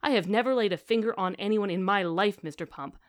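A woman reading aloud the lines of a glib, quick-tongued male con man who protests and argues. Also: mid-range voice, pitched above the performer's own voice, close to an everyday voice. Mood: indignant.

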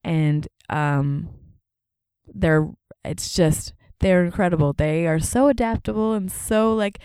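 Canadian woman guest, gravelly voice, lots of laughing and doing voices, dry close mic. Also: lowish voice, no room sound. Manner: animated storyteller, quick laughs and voiced quotes. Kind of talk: casual chat.

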